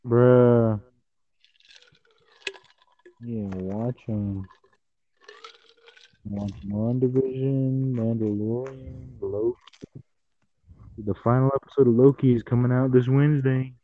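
A man's voice: mid-range voice, steady tone, unhurried, pauses often. A young man chatting on a podcast, joking and goofy, often saying "bruh". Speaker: podcast co-host. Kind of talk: casual chat. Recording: dull, muffled close mic.

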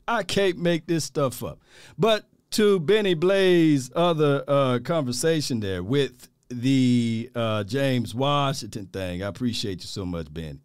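A male sports talk host on a livestream, animated and exasperated, drawling informally, repeating phrases and laughing often as he reads viewer chats. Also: mid-range voice, clear, resonant tone, no echo, studio quality.

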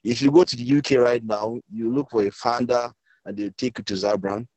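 A man, speaking emotionally and haltingly as a guest on an online call from a village, often repeating himself. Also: mid-range voice, fairly even intonation, darkish tone, no echo, poor audio. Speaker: guest speaker, author's brother. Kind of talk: emotional speech on a video call. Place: village, weak network.

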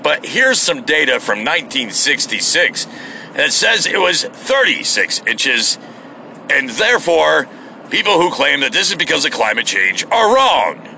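A man mocking a smug male talk radio host, speaking slowly as if lecturing. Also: a little high, big pitch swings, creaky, bright, forceful tone, a little hiss or hum, exaggerated voice.

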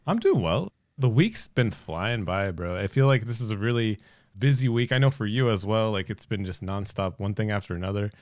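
A man's voice: lowish voice, moderate pace, no room sound. Guy hosting a movie podcast, chill and chatty, dry sound. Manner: relaxed, laughs often, upbeat intro. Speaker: podcast host. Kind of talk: casual podcast chat.

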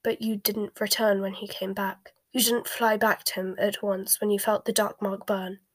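A woman reading a scornful, fanatically loyal dark witch aloud in a whispered storybook voice, sneering and quick to flare. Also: medium pitch, flat delivery, close to an everyday voice.

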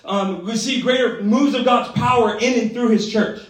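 A man preaching a sermon in an energetic, conversational way, often checking in with the room. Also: extremely high pitch, moderate pace. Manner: energetic, conversational, tag questions. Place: church gathering hall. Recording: echoey hall from far off.

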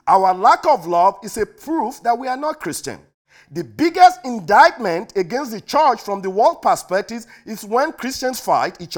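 A male preacher delivering a sermon, swinging from loud declarations to hushed asides. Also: sits high.

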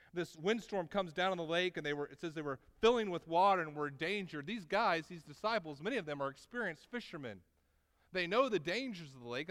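Male pastor preaching, clear resonant voice, fairly high, long hall reverb. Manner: preaching with wide swings between loud emphasis and quiet asides. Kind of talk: sermon.

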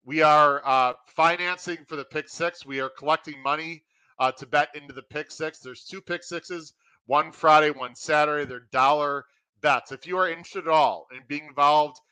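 A man hosting a podcast with a bright, forceful voice, pumped-up and eager as he runs through announcements. His voice sits a bit high for a man and is recorded close and dry, with no room sound. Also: moderate pace, clear, resonant tone, no room sound, rough recording. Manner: excited, pumped-up delivery. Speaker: podcast host. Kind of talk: energetic podcast intro and promotion.

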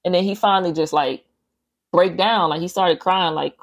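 A woman podcast host casually recapping a horror movie scene by scene, animated and full of profane slang. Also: fairly low pitch, moderate pace, husky.

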